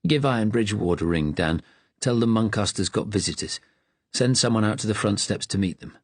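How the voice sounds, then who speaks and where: A man doing an elderly porter leaning on his window ledge, gossiping with gloomy relish about past patients, his low, husky voice falling into easy, confiding chatter. The sound is close and dry. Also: fairly quick, no echo, lightly acted. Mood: gossipy. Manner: chatty, relishes grim stories.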